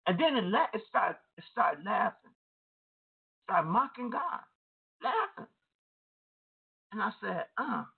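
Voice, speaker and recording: Woman deliverance minister, steady middle pitch, plain testimony style, lo-fi line. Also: measured pace, creaky, breathy edge. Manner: conversational, repetitive, addresses listeners directly. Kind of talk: testimony sermon. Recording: tinny phone-like audio.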